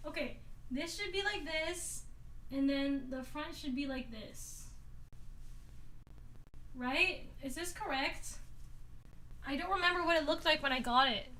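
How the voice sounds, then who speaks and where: A woman's voice: high voice, measured pace, long pauses, pushed and bright, distant mic, slight background noise. A woman livestreaming in a casual chat, giggling constantly and rambling while she fiddles with things off to the side. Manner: busy with her hands while talking, distracted. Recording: voice a bit off-mic.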